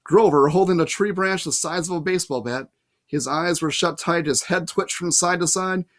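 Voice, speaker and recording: A man reading a novel aloud in a casual way, pausing to add his own comments. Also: high voice, fairly bright tone. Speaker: reader. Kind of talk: audiobook reading with asides.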